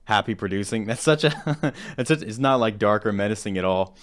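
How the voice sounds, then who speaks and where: A man's voice: fairly low pitch, fairly quick, a little hiss or hum. A man hosting a live music production stream, talking casually and rambling, often repeating himself and laughing at his own attempts.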